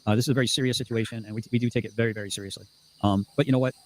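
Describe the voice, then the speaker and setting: Fast-talking profane male livestream host. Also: medium pitch, fairly even intonation, a little mellow, a little hiss or hum. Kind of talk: casual livestream chat reading comments.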